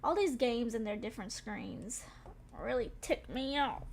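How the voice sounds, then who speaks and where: High-voiced chatty woman gaming streamer. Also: expressive, measured pace, slight background noise. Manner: chatty, rambling, shaken and breathless after a scare. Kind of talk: casual live-stream chat.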